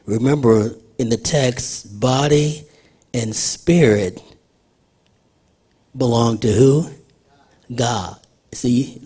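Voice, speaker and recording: A man's voice: mid-range voice, dark tone, slightly rough. An older man preaching a sermon in church in a conversational way, asking the congregation questions. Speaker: pastor.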